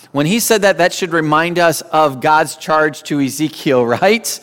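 A man's voice: on the high side, moderate pace. A man preaching a sermon as a pastor, emphatic and repeating phrases for weight. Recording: long hall reverb.

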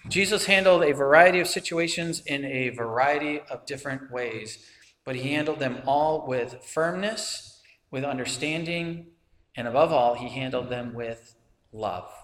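A man's voice: on the high side, a bit bright. Earnest preaching man in an echoey hall. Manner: earnest, measured, asks "right?" and "okay?" to the listener. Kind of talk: sermon.

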